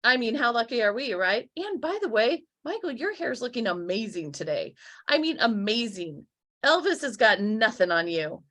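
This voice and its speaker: A woman's voice: a little high, very animated, normal speed, fairly bright tone. Chatty, teasing woman podcast host. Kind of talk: casual interview chat.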